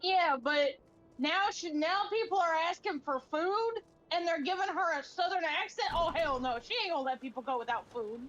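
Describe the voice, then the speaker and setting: A woman's voice: extremely high pitch, moderate pace, a bit bright, highs cut off. A woman chatting bluntly and swearing freely while streaming a game. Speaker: co-streamer playing an online game. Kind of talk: casual game stream chat.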